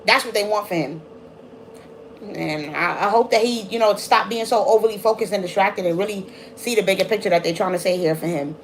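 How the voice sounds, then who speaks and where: Woman, tarot reader on a live stream; fast, casual, chatty delivery, faint background noise. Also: mid-range voice.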